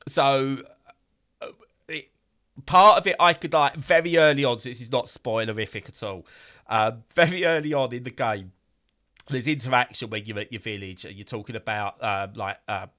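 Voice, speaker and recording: A man's voice: mid-range voice, pushed and bright. A man casually reviewing a game in a podcast chat, rambling with fillers and bursts of exasperation.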